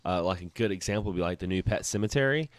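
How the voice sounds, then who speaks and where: A man's voice: sits low, animated, rapid-fire, no echo. Easygoing young man co-hosting a podcast. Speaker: podcast co-host. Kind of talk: casual chat.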